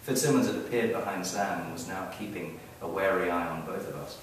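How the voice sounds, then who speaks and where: A man reading his own story aloud at a live event, wry and expressive, building up the action. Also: deep voice, brisk, a little hiss or hum. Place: event hall, heard from the audience area. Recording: very echoey hall, mic far off.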